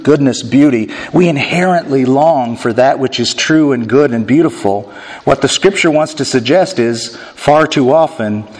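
A middle-aged male pastor delivers a sermon from a church sanctuary, his voice carried by a long hall reverb. He speaks earnestly, pokes fun at himself, and slows down to stress key words. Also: medium pitch. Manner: earnest, self-deprecating, slows for emphasis.

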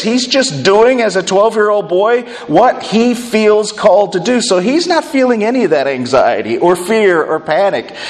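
A male pastor preaches a sermon in an animated way and poses frequent rhetorical questions. His voice sits fairly high for a man. A long hall reverb trails behind his words.

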